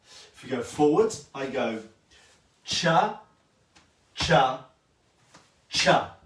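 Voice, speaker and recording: A man's voice: mid-range voice, far from the mic. A man giving a livestreamed dance lesson, counting the steps aloud while he demonstrates and cheering his viewers on. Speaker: dance teacher. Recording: echoey room, voice from afar.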